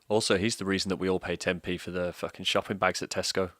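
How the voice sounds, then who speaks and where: Deep, dry-sounding man, sweary deadpan comic ranter. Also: fast, no echo. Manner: sardonic, sweary, deadpan mockery. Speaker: comedic ranter. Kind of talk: scripted comedic political rant.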